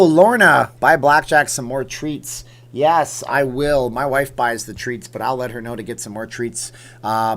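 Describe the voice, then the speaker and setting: A man's voice: mid-range voice, fairly bright tone. Chatty Canadian man hosting a livestream. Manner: chatty, rambling, reacts aloud to chat comments. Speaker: livestream host. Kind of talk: casual livestream chat reading comments. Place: home room with green screen.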